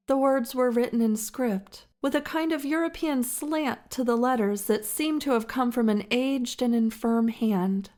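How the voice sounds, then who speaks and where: A woman narrating a historical story in a slow, measured, dramatic way. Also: on the high side, darkish tone.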